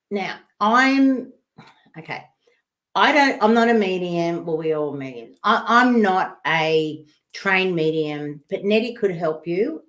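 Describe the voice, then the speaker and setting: Low-voiced woman hosting a chatty livestream. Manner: chatty, warm-hearted, rambling with fillers and restarts. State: coughing and sneezing at times. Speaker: host of a live online talk on loss. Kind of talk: live-stream chat reading viewer comments.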